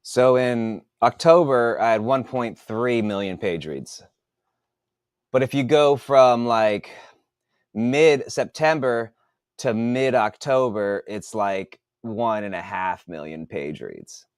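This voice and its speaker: A man who writes books, talking casually in a podcast monologue, swearing a lot and working out sums out loud. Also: medium pitch, slow, smooth, no room sound, clean studio sound. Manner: profane, thinks aloud while doing math. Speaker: author.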